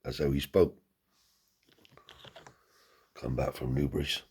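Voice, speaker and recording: A man's voice: rumbling low, flat delivery, takes it slowly, darkish tone, breathy edge. A man telling a rambling anecdote in casual, profane speech, lifting his voice to act out the people he quotes. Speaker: storyteller.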